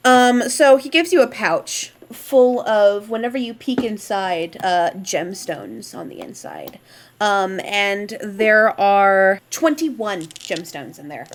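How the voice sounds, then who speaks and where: A woman runs a tabletop game as its narrator, setting scenes in a casual voice. She pauses often and fills gaps with ums as she thinks. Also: medium pitch, very animated. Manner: hesitant, many fillers. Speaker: game master.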